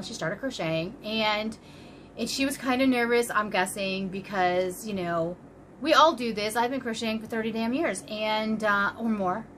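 A woman's voice: medium pitch, fairly bright tone, a little hiss or hum. A woman in her fifties chatting casually and rambling happily as she hosts a crochet vlog and opens a parcel. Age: 50s. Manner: bubbly, rambling, giggly. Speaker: crochet channel host. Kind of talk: casual vlog chat, unboxing.

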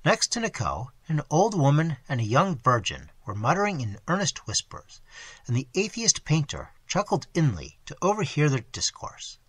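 A man narrating a classic novel aloud with an expressive, dramatic reading. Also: fairly high pitch, moderate pace, slightly rough, dry recording. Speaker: audiobook narrator. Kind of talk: scripted narration.

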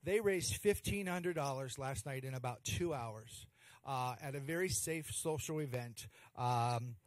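A man's voice: medium pitch, unhurried, dry recording. A man hosting a charity stream, introducing guests in a gushing, rambling way with many restarts. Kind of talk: emcee introductions.

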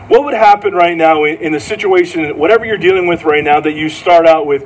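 Earnest man preaching, fairly high voice. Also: brisk, few pauses, poor audio. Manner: earnest, repeats phrases, asks the congregation questions. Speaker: pastor. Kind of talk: sermon.

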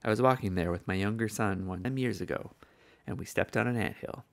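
An older man preaching with earnest conviction. His voice sits a little low and carries a gravelly edge. He tells stories from the pulpit as a sermon. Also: brisk. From southern United States. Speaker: evangelist preacher.

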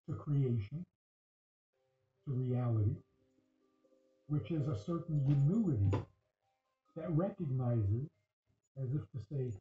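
Lively man teaching over tinny audio. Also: on the high side. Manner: questioning, acts out dialogue, laughs often. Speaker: religious teacher. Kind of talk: Torah class talk. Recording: echoey tinny phone-like recording.

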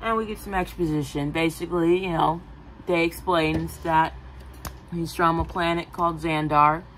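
A woman casually pitching a film idea, rambling with many fillers and giggly asides. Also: steady tone, normal speed, a bit bright, slight background noise, low-quality recording. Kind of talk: casual movie-pitch chat.

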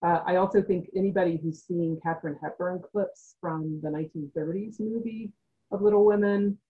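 A woman on a discussion panel, talking in a measured academic way and thinking aloud with frequent pauses. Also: lowish voice, steady tone, slightly rough, narrow, tinny audio.

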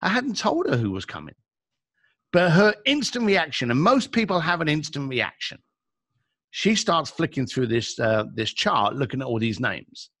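A man's voice: on the high side, big pitch swings, moderate pace, fairly bright tone, dry recording, studio quality. A middle-aged man with a London accent, telling a story as a podcast guest and acting out the dialogue. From England.

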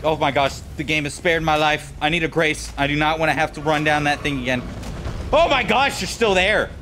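A man giving jokey, excitable commentary while playing a game, swearing and talking to enemies. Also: a little high, a little fast, slight background noise. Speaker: gameplay commentator. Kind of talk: casual let's-play commentary.

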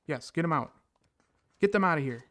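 A man hosting a gaming channel, giving casual commentary on his own match with excited reactions and playful catchphrases. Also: a little high, brisk.

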